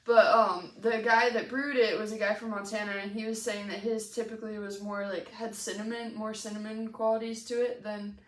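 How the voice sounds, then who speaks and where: A woman's voice: mid-range voice, flat delivery, a little fast, few pauses. A woman co-hosting a homebrewing show, chatting casually and laughing often, with lots of fillers. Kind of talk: casual chat while tasting beer. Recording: echoey room.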